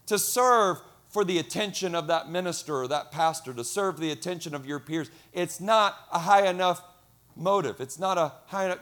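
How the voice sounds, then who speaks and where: A middle-aged man preaching a lively sermon, acting out quoted voices. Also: sits high, moderate pace. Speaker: pastor.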